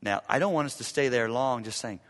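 A man preaching a sermon, with dramatic swings from loud urgency to hushed, near-whispered lines. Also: medium pitch, a little fast. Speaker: pastor. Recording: long reverb of a large hall.

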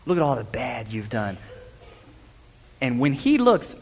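A man preaching a sermon in a church, swinging between loud urgent lines and hushed, quiet ones. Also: a little high, long reverb tail. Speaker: pastor.

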